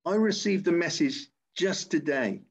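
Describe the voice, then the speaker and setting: A man's voice: fairly high pitch, animated, measured pace, breathy edge. Earnest man on dull lo-fi audio. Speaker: host. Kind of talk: casual chat.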